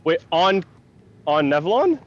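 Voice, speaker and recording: A man playing a tabletop game who chats casually and quickly, laughing often. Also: on the high side, very animated, highs cut off. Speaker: player.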